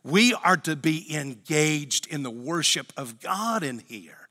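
A man delivers a sermon in a church, his voice bright and forceful. He preaches with an emphatic, repeating cadence. A long reverb from the hall trails after each phrase. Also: on the high side, sing-song, takes it slowly. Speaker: pastor. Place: church sanctuary.

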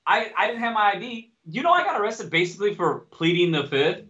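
Man, high voice, crisp bright tone, profane heated storytelling, dull lo-fi recording. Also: very animated, fairly quick. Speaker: podcast co-host. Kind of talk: casual chat. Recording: dull lo-fi podcast audio.

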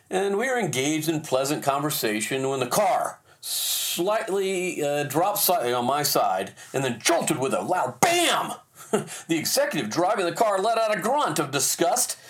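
A man hosting a podcast, telling a personal story in a self-deprecating, animated way. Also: mid-range voice. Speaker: podcast host.

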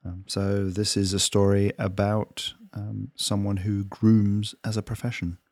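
A low-voiced man reads his own short fiction in a gentle, unhurried way. The sound is dry and close, with no room around it. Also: little pitch movement, no echo. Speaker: author and narrator. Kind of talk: short story reading.

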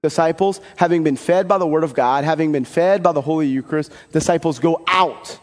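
Male priest, high-pitched, chatty animated homily, reverberant church. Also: fairly quick. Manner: conversational, animated, folksy asides. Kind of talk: sermon.

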